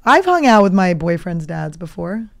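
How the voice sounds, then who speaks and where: A woman's voice: fairly low pitch, sing-song, normal speed, vocal fry. A woman in her thirties hosting a comedy podcast, telling stories in a blunt, profane, joking way. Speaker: podcast host. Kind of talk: casual comedic chat.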